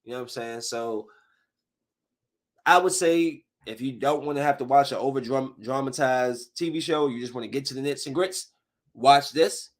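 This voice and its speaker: A man's voice: mid-range voice, normal speed. A male podcast host in a casual, profane rant, full of sudden outbursts as he reviews shows.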